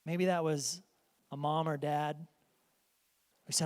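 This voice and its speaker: Pastor pria, suara tinggi, berkhotbah sungguh-sungguh di gedung gereja bergema panjang. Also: male voice, fairly high pitch, fairly even intonation, slow pace, long pauses, darkish tone, in a large hall. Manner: earnest, emphatic preaching. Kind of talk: sermon. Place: church sanctuary.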